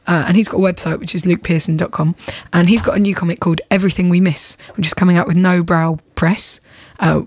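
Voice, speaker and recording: A woman's voice: mid-range voice, a little mellow, no room sound, clean studio sound. A woman co-hosting a radio show, chatting casually with fillers and frequent laughs. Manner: chatty, giggly, rambling with fillers. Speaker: radio co-host. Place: radio studio.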